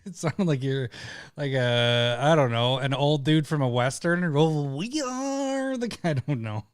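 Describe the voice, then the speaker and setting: A man's voice: mid-range voice, a little slow, smooth, no echo, clean studio sound. A man co-hosting a casual gaming podcast, laughing often and poking fun at himself. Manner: laughs often, self-deprecating. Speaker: podcast co-host. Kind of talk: casual chat.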